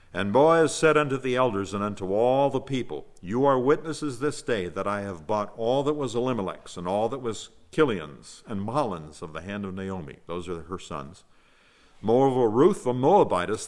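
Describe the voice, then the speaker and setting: Emphatic man teaching a Bible passage. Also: fairly low pitch. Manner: emphatic, conversational asides between scripture readings. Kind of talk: expository Bible sermon.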